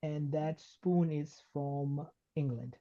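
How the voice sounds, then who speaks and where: Halting student reading aloud. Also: medium pitch, fairly even intonation, dark tone, highs cut off.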